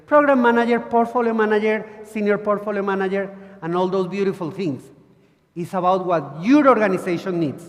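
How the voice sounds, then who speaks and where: A man giving a conference talk in a large hall, telling animated stories with acted quotes. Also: sits high. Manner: animated storytelling with acted quotes and audience asides. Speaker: conference speaker. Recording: long hall reverb.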